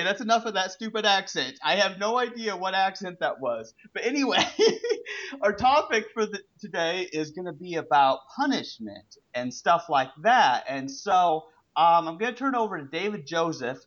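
Lively-voiced male podcast host. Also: fairly high pitch, muffled recording. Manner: loose and hesitant, with filler words. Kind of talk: casual podcast chat.

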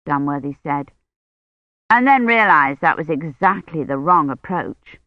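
An audiobook narrator reading a novel in a measured, even manner. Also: medium pitch, dry recording. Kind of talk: scripted narration. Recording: dry, dull lo-fi sound.

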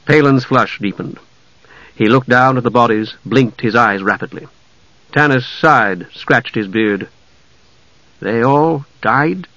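Male audiobook narrator, measured. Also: mid-range voice, bright, forceful tone, no room sound, lo-fi sound.

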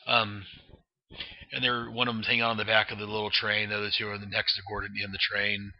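A man's voice: lowish voice, monotone, fairly quick. A man casually narrating and describing a comic book, rambling with many fillers and restarts, on a dull lo-fi recording. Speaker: comic book reader and reviewer.

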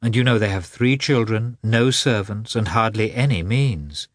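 A man reading aloud, voicing a gentle, earnest young princess in a raised, soft voice. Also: on the low side, moderate pace, no echo, clean studio sound, voice pushed up, lightly acted.

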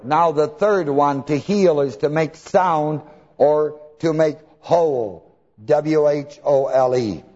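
Slow and slightly mellow, this higher-pitched male preacher leads call-and-response with his congregation, having them supply missing words while he spells terms letter by letter. The audio is dull and lo-fi, with a long hall reverb.

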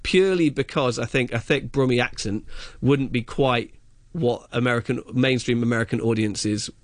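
A man's voice: medium pitch, moderate pace, no room sound. A man chatting on radio as a film reviewer, enthusiastic and rambling, with many fillers and restarts. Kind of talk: casual radio chat.

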